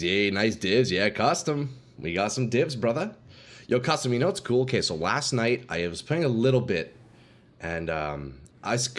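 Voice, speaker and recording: A man streaming casually, chatting to his viewers in a laid-back, slangy way and calling them dude and boys. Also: on the low side. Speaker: game streamer. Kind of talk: casual livestream chat.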